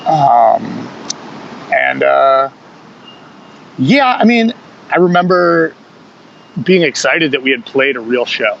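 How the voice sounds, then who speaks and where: Rambling, swearing punk singer. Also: male voice, medium pitch, big pitch swings, takes it slowly, creaky, long pauses. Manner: loose, rambling storytelling with frequent swearing and chuckles. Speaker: podcast guest, singer in a punk band. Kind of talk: casual conversational interview. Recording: dull lo-fi podcast audio with faint hum.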